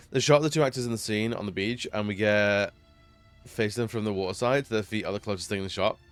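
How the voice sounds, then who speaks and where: Male streamer, casual rambling chat, smooth clear voice, dry close mic, faint music behind. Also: lowish voice, a little fast, dry recording. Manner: rambling, lots of fillers, laughs often.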